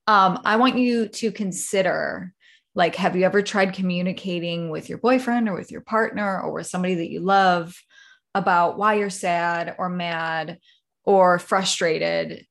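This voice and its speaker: A woman's voice: on the low side, gravelly. A woman hosting a solo podcast, talking casually and rambling, with many fillers and acted-out examples. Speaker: podcast host.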